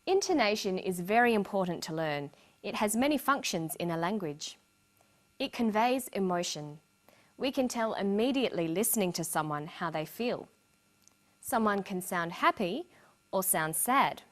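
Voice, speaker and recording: A woman narrating a scripted English lesson with slow, clear explanations. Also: medium pitch, animated. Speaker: English teacher.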